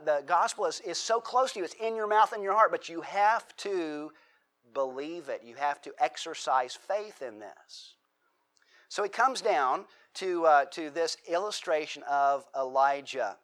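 A man preaching a sermon in a conversational way, repeating and restarting words, and building to animated stories. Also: a little high. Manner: conversational, animated storytelling with rising emphasis.

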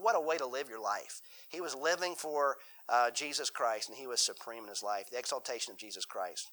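Man, Bible teacher, conversational sermon, bright tone, folksy, restarts sentences. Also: on the high side, quick pace, few pauses, rough recording.

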